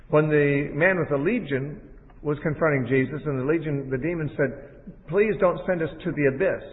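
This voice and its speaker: A man teaching from the Bible in a measured, explanatory sermon style. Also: medium pitch. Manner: measured, explanatory, with quoted lines read aloud. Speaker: preacher. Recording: tinny phone-like audio in a large hall.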